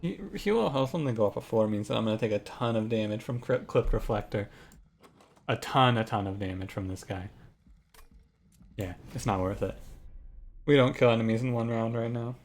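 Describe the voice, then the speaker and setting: A man's voice: on the low side, normal speed, a little hiss or hum. A young man giving casual commentary on a card game as he streams it, thinking aloud with many restarts. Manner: thinks aloud, restarts, gets ranting and exasperated. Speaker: gaming streamer.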